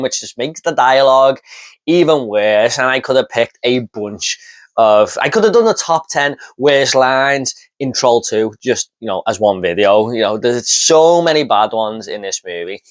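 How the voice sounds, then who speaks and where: A man giving casual commentary on bad horror movie lines, laughing often and swearing as he mocks them. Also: mid-range voice. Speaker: movie reviewer.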